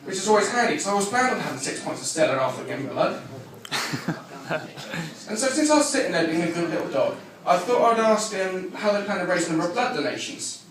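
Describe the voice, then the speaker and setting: High, lively stand-up comic. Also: male voice, a little fast, crowd noise. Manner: deadpan one-liners, brash and crude. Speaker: stand-up comedian. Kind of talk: live stand-up routine. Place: comedy club stage. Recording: echoey live room from far off, audience laughter. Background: audience laughing.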